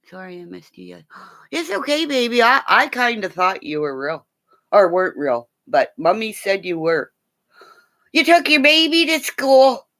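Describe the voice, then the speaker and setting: Woman, middle-aged, chatty live-stream host; high, lively voice, slow and easy delivery. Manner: excitable, gasps and laughs often, chatty. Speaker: livestream host. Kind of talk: casual live-chat stream.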